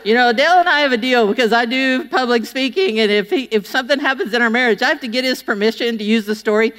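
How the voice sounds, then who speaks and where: A woman's voice: on the high side, fast talker. A middle-aged woman giving a humorous speech to an audience as a public speaker, chatty and folksy, acting out the people she quotes. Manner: chatty, folksy, acts out quotes with lively voices. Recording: long reverb of a large hall.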